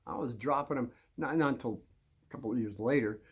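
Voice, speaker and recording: A man's voice: mid-range voice, brisk, husky. An older man from New Jersey, telling kids a rambling personal story with folksy, chuckling asides.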